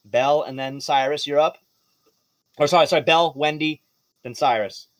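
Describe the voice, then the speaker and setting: Lively, higher-voiced male game master; swears casually, dry close sound. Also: normal speed, no room sound. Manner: lively, profane, apologetic. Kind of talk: running a tabletop game.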